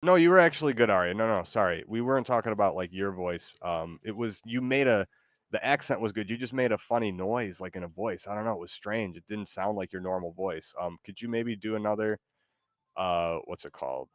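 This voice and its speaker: Man hosting a stream, lowish voice, halting and giggly, dry close sound. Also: no echo. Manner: hesitant, giggly, lots of ums. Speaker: streamer host. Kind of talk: casual chat.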